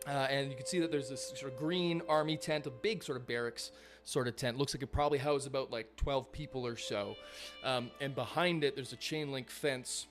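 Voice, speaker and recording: A man's voice: medium pitch, brisk, over music. A man running a live tabletop game as game master, narrating casually with lots of fillers and swearing.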